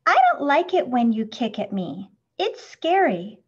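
A woman's voice: on the high side, very animated, unhurried, a little mellow, slightly rough, lo-fi sound, exaggerated voice. Woman voicing a little earthworm speaking up. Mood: firm. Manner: firm, raised and assertive. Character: small timid girl earthworm finding her big voice.

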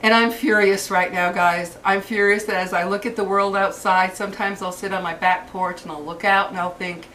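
An older grandmother vents in a furious, cursing monologue, often stumbling and restarting mid-sentence. Her voice sits at an ordinary middle pitch. The mic is some distance away, with a faint hiss underneath. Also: normal speed, fairly bright tone. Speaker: vlogger. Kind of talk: angry rant to camera.

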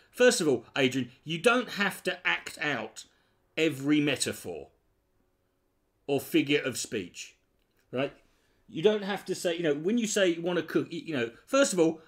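Sarcastic man, lively pitch. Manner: sarcastic, swearing, mocking mimicry. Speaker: commentator reacting to a video. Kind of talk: reaction commentary.

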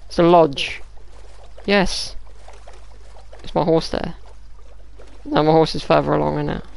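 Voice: mid-range voice, steady tone, unhurried, gravelly, darkish tone. A gaming YouTuber, giving casual gameplay commentary, muttering to themself, swearing and throwing out mock-dramatic taunts.

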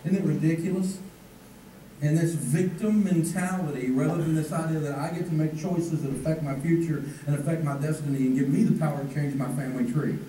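Lively guy lecturing a seminar crowd, mellow tone, mic far off with faint room noise. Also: a little high, a little fast. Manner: energetic, joking, asks the crowd questions. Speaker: financial seminar instructor. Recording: echoey hall from far off.

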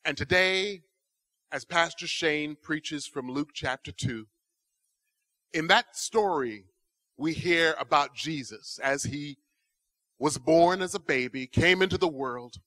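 A man telling a children's story at a church service in an animated, expressive way, then closing with a prayer. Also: on the high side. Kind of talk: children's sermon.

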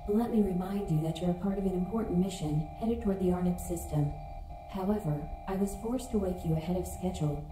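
A woman voicing a calm ship computer. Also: lowish voice, brisk, roomy sound, music in the background, close to an everyday voice. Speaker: game character.

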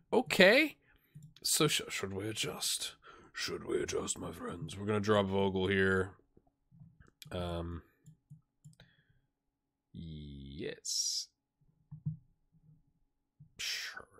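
A man doing a tired but excitable, jokey play-by-play while he plays a game on video, with asides to his viewers. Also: fairly low pitch. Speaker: gaming YouTuber. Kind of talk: let's play commentary.

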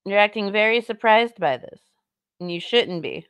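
A woman's voice: medium pitch, animated, moderate pace, a bit bright, clear, resonant tone, no room sound. A woman streamer giving casual commentary on clips and reading chat, sarcastic, blunt and mocking.

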